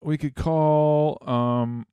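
A man's voice: fairly high pitch, fairly even intonation, drawn-out words, clear, resonant tone, no room sound, highs cut off. Guy cohosting a podcast, swears a lot, stumbles over his words, dry close mic. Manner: swears a lot, stammers on restarts. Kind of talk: casual chat.

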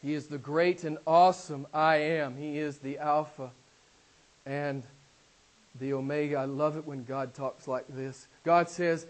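Emphatic high-voiced preacher. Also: male voice, fairly even intonation, measured pace. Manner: emphatic, swinging from loud declarations to hushed asides. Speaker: pastor. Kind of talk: sermon.

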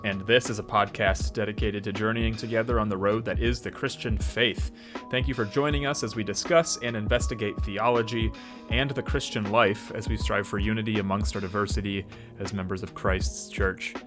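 A man with a slightly low voice hosts a faith podcast. He talks loosely and unscripted, with plenty of fillers and restarts, then reads scripture aloud in a steady way. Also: normal speed, music in the background. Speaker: podcast host. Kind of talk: casual podcast talk and Bible reading.

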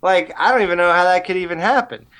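A man co-hosts a casual film-review podcast. He is profane and animated, and his voice sits a little high. He often slips into mocking impressions of lines. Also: quick pace. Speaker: podcast co-host.

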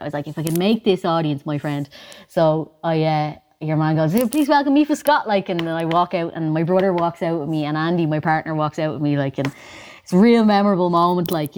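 A woman with an Irish accent telling a story casually, animated and chatty, full of "like" and "you know.". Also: lowish voice. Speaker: singer telling a story as a guest. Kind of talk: casual anecdote in conversation.

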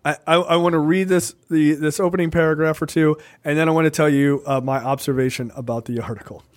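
A man's voice: a little high, fast talker. A man co-hosting a podcast, talking politics casually in a profane, rambling way, tossing in lots of "right?". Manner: profane, animated, rambling with many "right?" asides. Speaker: podcast co-host.

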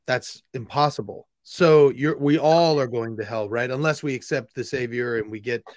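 A man's voice: mid-range voice, normal speed. A male interview host with a mid-range voice, talking informally and musing aloud through restarts and fillers. The sound is dry and close, with no room echo. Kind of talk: casual conversational interview.

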